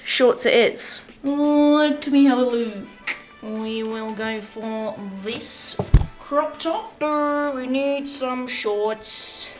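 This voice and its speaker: A young woman with a fairly high voice talks straight into a camera she holds herself, chatty and full of self-mocking jokes. Soft music plays faintly underneath her casual vlog chat. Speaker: marathon runner vlogger. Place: indoors at a mountain training base. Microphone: handheld camera mic.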